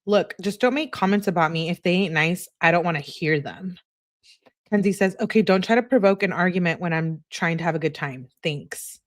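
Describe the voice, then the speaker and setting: A woman's voice: on the low side, brisk, dry recording, studio quality. A woman hosting a true-crime channel, reading text messages aloud and adding chatty asides between the lines.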